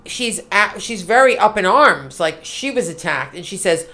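A middle-aged woman co-hosting a podcast, talking in an animated, emphatic, casual way. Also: mid-range voice. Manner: animated, emphatic, quick asides. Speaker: podcast co-host. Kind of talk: casual political chat.

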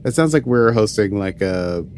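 A man's voice: fairly low pitch, lively intonation, normal speed, a little mellow, slight background noise. A man co-hosting a casual podcast and recapping an episode, joking around and slipping in and out of playful put-on voices. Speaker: podcast co-host.

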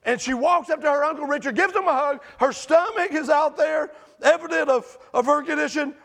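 Gravelly, high-voiced preacher man. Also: a little fast. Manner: animated storytelling, rising to shouts. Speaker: pastor. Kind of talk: sermon.

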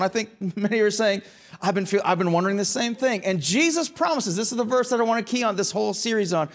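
High-voiced preacher, earnest and emphatic. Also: male voice, expressive, fast talker. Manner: earnest, repeats words and restarts often, builds to emphatic rhetorical questions. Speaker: pastor. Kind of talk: sermon.

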